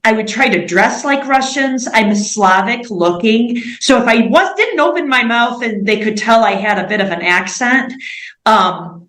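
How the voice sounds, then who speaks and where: A woman's voice: fairly high pitch, fairly bright tone, reverberant, rough recording. A woman in her forties from the United States, a missionary guest speaking earnestly in an interview, often filling gaps with "like" and "um". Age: 40s. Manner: earnest, many fillers like "like" and "um". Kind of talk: interview conversation.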